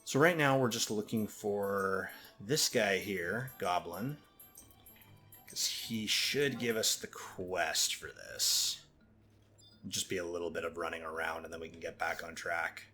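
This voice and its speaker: A man hosting a gaming video, casually explaining as he plays in a relaxed way. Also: deep voice, unhurried, faint music behind. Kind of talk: casual let's-play narration.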